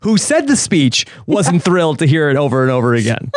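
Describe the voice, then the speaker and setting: A man's voice: fairly high pitch, sing-song, brisk, no echo, clean studio sound. A man hosting a podcast interview in an easygoing, chuckling way. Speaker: podcast host. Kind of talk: casual interview chat.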